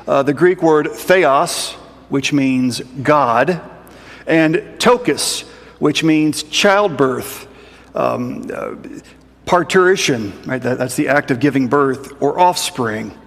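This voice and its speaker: A man preaching a sermon in a measured, explanatory way with rhetorical asides. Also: fairly high pitch, long reverb tail. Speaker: pastor.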